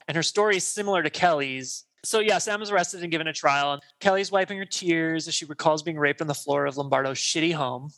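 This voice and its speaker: A man's voice: on the high side, bright, forceful tone. A man in his thirties co-hosting a podcast, recapping a film in casual chat and acting out the characters' lines. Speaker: podcast co-host.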